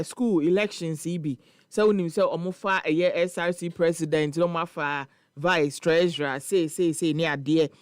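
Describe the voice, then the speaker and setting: A Ghanaian man hosting a morning radio show, telling a story and reading listener comments in an animated, laughing way. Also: high voice, clear, resonant tone, no echo, studio quality. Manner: animated, laughing storyteller mixing Twi and English. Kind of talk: casual chat reading social media comments. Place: radio studio.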